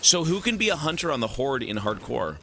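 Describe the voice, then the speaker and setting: A man's voice: medium pitch, sing-song, brisk, noisy background. A man streaming a game, chatting casually and rambling through strong opinions, swearing as he goes. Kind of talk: casual chat while gaming.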